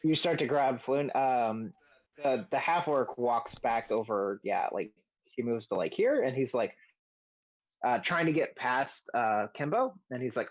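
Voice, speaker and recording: Male game master narrating a home tabletop session, halting and full of fillers. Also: mid-range voice, animated, dry recording. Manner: hesitant, many fillers and restarts.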